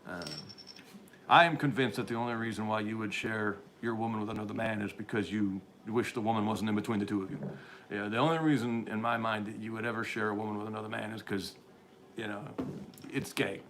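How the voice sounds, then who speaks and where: Low-voiced man rambling through commentary. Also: steady tone, a little fast, fairly bright tone. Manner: meandering, opinionated, frequent restarts, chuckles. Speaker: livestream host reading chat.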